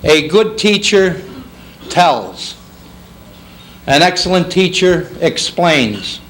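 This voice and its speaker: A man emceeing a banquet spins comic stories with animation, imitating a child and his mother as he goes. His voice is a little high. The audio, a 1991 tape made in a banquet hall, is poor, with faint room noise.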